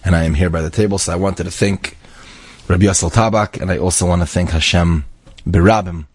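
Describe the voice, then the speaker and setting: An earnest young Israeli man thanks his hosts at a dinner table, speaking with heartfelt gratitude, as a man with a low, husky voice plays him. The sound is dry and close. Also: fairly even intonation, fairly quick, dry recording.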